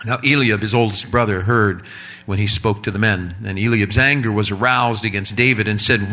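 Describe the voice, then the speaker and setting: A male pastor preaching a sermon, reading scripture and telling the story in an animated way with humorous asides. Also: lowish voice, normal speed.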